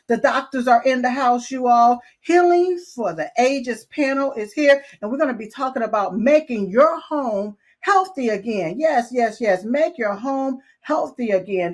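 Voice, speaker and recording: A woman hosting a live talk show, energetic and repetitive, full of "yes, yes" and "you all.". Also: on the high side. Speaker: show host. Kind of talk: live talk show opening and sponsor reads.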